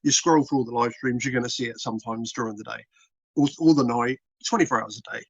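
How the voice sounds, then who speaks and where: A man's voice: mid-range voice, fast, breathy edge, dry recording. British male interviewee, casual and repetitive, mid-range voice, dull dry recording. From Britain. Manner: rambling, repetitive, plain-spoken. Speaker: interview guest, content creator.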